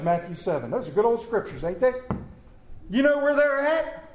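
A man's voice: high-pitched, big pitch swings, moderate pace, a little mellow, roomy sound. A man preaching a folksy sermon, reading scripture and talking conversationally, stumbling a little over words because of a swollen lip.

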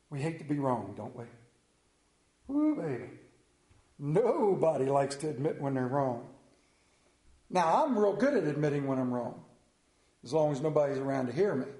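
A man's voice: fairly high pitch, mellow, roomy sound, poor audio. A middle-aged male pastor preaching a sermon, telling stories with self-mocking humor.

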